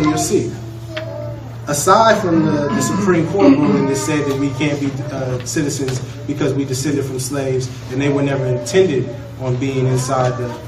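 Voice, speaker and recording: A man teaching a law class, lecturing emphatically and putting questions to the students. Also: mid-range voice. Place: college classroom. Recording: echoey room from far off, noisy.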